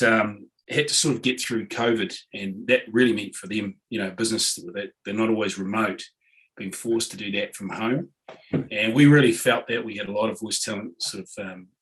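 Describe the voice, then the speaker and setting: A man with a New Zealand accent, a guest on a podcast who talks in a relaxed, earnest and jokey way. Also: fairly low pitch, poor audio. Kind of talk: casual interview chat.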